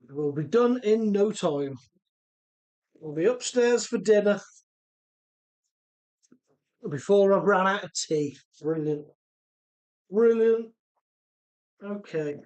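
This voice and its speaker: A man's voice: sits high, darkish tone. A man hosting a live stream in his home workshop, chatting easygoing and laughing often as he reads out viewer comments. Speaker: host of a radio-controlled car live stream.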